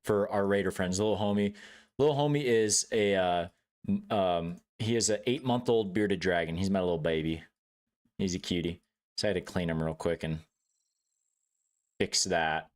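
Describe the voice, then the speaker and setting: Lowish-voiced young man, rambling and profane. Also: normal speed, pauses often. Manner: rambling, profane, laughs often, acts out outbursts. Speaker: streamer. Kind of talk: casual chat while gaming.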